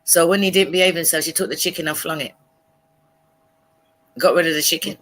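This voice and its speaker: A woman's voice: low voice, fairly quick, a little hiss or hum. A woman telling a story in casual chat on a live stream, acting out the voices of the people she quotes. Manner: animated, acts out quoted voices.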